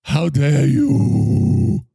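Indignant young activist girl, as a man puts her on, slow and loud, raspy edge, dry booth sound. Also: fairly high pitch, sing-song, no echo, pitched above the performer's own voice, heavily acted. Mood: scolding. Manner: drawn-out, scolding single catchphrase.

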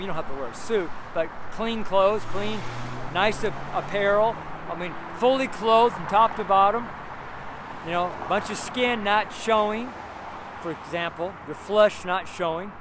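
A man with a fairly high voice delivers a rambling, earnest street sermon, circling back and repeating his points. He is recorded outdoors, and passing cars and street noise are clearly audible around him. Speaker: street minister. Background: passing cars and urban street noise.

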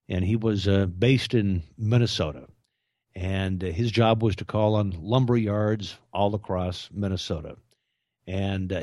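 A man telling business stories in an interview, acting out the people he quotes with animated emphasis. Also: fairly low pitch, no room sound, studio quality. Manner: animated storyteller, acts out quoted voices. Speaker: author and podcast co-host. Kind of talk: storytelling interview talk.

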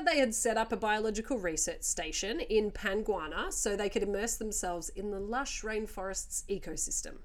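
This woman hosts a casual storytelling podcast, chatting her way through the tale with joking asides and easy laughter. Her voice sits at a medium pitch.

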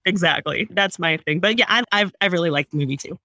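A woman co-hosting a podcast, chatting casually about a movie in an animated, mock-offended way. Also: lowish voice, fast talker, no echo. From United States. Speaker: podcast co-host. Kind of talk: casual movie review chat.

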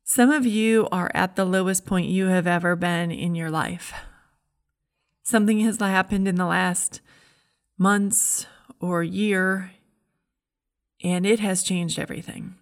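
A woman's voice: fairly low pitch, fairly even intonation, slow pace, long pauses. A middle-aged woman giving a heartfelt, earnest devotional message as a Christian speaker.

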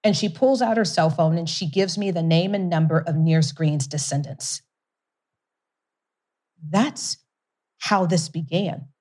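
Interviewed about her whiskey company, a middle-aged founder and investor tells her story energetically, laughing often and restarting sentences. Her voice is lowish and a little mellow, a bit slow, with frequent pauses.

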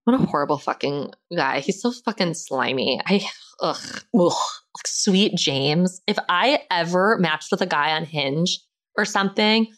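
A woman's voice: fairly low pitch, expressive, normal speed, fairly bright tone. A young woman hosting a pop culture podcast, chatting casually in a rambling way with lots of "like". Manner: rambling, chatty, heavy use of "like". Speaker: podcast host. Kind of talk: casual chat.

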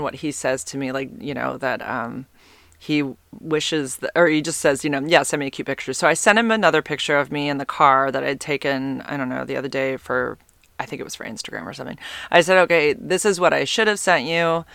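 A woman's voice: deep voice, brisk, gravelly, a bit bright, dry recording. A woman in her forties telling a rambling dating story in a casual vlog, full of fillers and asides. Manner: chatty, rambling, lots of fillers and self-interruptions. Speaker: vlogger.

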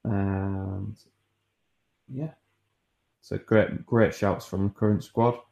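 A man's voice: on the low side, steady tone, very slow, vocal fry, a little mellow. A man co-hosting a podcast, going through listeners' suggestions with hesitant fillers. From not from Newcastle. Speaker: podcast co-host. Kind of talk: casual chat.

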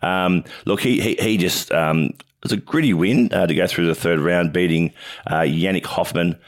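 An Australian man co-hosting a sports show, matey and halting, with many restarts. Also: low voice. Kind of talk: casual sports chat.

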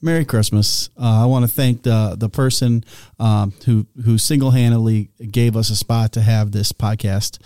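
A man co-hosting a podcast, chatting in a laid-back way and giving thanks and shout-outs at the end of the show. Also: fairly low pitch, steady tone, moderate pace, few pauses, clean tone, no room sound, studio quality. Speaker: podcast co-host. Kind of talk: casual chat.

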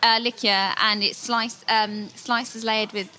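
A woman's voice: a little high, flat delivery, unhurried, bright, forceful tone, a little hiss or hum. A woman working as a digital intern, chatting casually on a podcast, rambling with lots of fillers and restarts. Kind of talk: casual chat.

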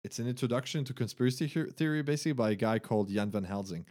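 A man's voice: mid-range voice, racing. A man, chatting casually among friends. He laughs often, swears, and acts out quotes while telling stories. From Germany. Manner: laughing, swearing, animated storytelling with acted-out quotes. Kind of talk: casual chat.

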